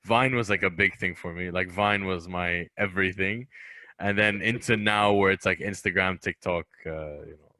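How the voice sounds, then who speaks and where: Chatty young man with a bright voice. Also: low voice, normal speed, no echo. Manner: animated, chatty, drops into voices. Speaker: guest comedian. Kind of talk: casual interview chat. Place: podcast studio.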